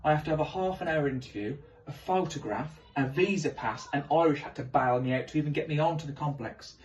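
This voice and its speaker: A man doing animated, self-mocking stand-up storytelling on stage. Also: on the high side, brisk, distant mic, muffled recording. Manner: animated, self-mocking, swings into loud exclamations. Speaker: stand-up comedian.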